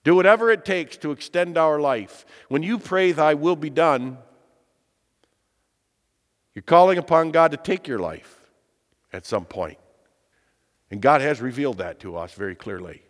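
A man's voice: on the high side, measured pace, pauses often, big-room sound. A man preaching a sermon, earnest and emphatic, asking his listeners rhetorical questions. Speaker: pastor.

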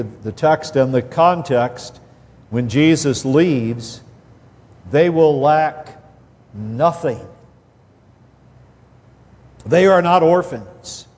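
A man preaching an expository sermon, slow and deliberate, stressing key words and sometimes repeating himself as he drives a point home. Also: medium pitch, darkish tone. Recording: long hall reverb.

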